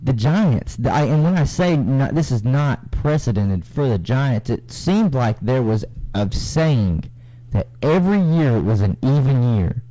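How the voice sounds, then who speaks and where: A young man co-hosting a casual radio sports talk show, reading standings in a relaxed, drawling way. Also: medium pitch, measured pace, poor audio. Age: young adult.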